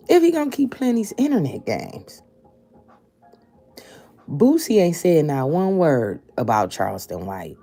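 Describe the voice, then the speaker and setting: A woman's voice: very deep voice, mellow, husky. A woman hosting opinion commentary, emphatic and repeating her points for stress. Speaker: commentary show host.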